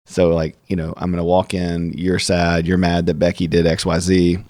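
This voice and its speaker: A man's voice: sits low, moderate pace, no room sound, studio quality. A man hosting an interview, chatting casually and acting out both sides of his stories. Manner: animated storyteller, acts out both sides. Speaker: podcast host.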